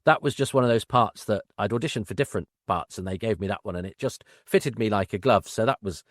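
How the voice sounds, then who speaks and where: A man's voice: on the low side, fast talker, dry recording, studio quality. A middle-aged man, an actor and podcast guest, telling anecdotes in a wry, self-deprecating way.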